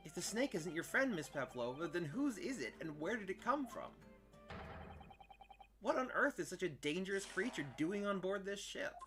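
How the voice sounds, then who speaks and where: A man's voice: sits high, sing-song, normal speed. A polite, earnest young lawyer, read by a man in his own voice, plain and questioning. Game music hums behind him.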